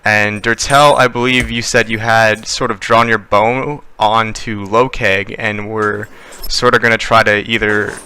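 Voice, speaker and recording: A man's voice: fairly low pitch, flat delivery, unhurried, bright, forceful tone, smooth. A young man running a tabletop game as game master, narrating with many fillers and restarts.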